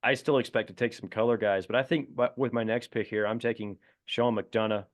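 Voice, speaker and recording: A man's voice: fairly low pitch, fairly even intonation, fairly quick. A man co-hosting a casual sports podcast, thinking aloud in an easygoing way. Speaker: podcast co-host.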